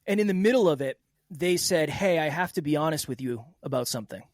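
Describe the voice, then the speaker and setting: Podcast guest: a higher-voiced man, earnest and emphatic, on a dry close mic. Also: lively intonation, quick pace, dry recording. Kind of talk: candid interview talk.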